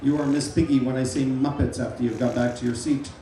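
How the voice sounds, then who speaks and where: A middle-aged man working as a stage hypnotist at a live comedy show, playfully giving loud, repeated suggestions to volunteers. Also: mid-range voice, flat delivery, fast, soft background music. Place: large fair tent. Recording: echoey tent, mic heard from far.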